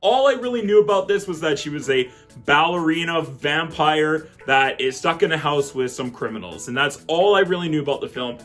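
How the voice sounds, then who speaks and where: A man giving a casual, excitable film review, chatty and quick to laugh. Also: on the high side, soft background music.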